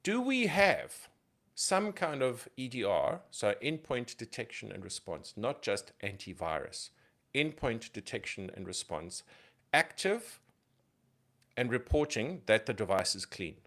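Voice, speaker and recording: A man's voice: medium pitch, very animated, unhurried, a bit bright. A man co-hosting a tech podcast, explaining security ideas emphatically with lots of rhetorical questions. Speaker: podcast co-host.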